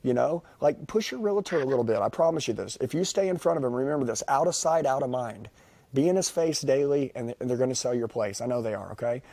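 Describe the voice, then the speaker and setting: A man making a rambling, insistent sales pitch over the phone to a customer. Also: lively intonation, fast, gravelly, mellow, no echo. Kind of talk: high-pressure sales pitch.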